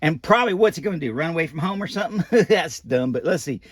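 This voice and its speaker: A man's voice: a little high, expressive, fast, slightly rough. A man voicing a folksy old animatronic doll who reads a children's picture book aloud with rambling asides and loose grammar. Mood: chatty.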